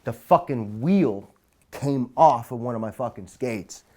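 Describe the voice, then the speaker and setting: A middle-aged man recounting a childhood memory in an interview, swearing constantly, his voice surging loud and then dropping low. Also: animated, a little slow. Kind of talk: emotional storytelling.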